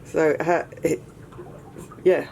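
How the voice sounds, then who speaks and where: A woman's voice: sits low, little pitch movement, drawn-out words, vocal fry, darkish tone, slight background noise, rough recording. A woman co-hosting a sailing vlog, chatting in an easygoing, casual way on her boat. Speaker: vlog co-host. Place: on a sailboat.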